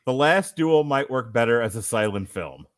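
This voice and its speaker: A man's voice: mid-range voice, expressive, moderate pace, no echo, clean studio sound. A man hosting a podcast movie review, reading critics' quotes with joking asides in casual chat. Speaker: podcast host.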